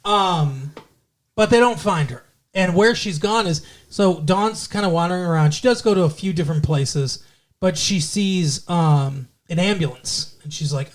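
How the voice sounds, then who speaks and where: A man's voice: high-pitched, unhurried. A man co-hosting a podcast, recapping a TV episode in a rambling, casual way with lots of fillers and swearing. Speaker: podcast co-host.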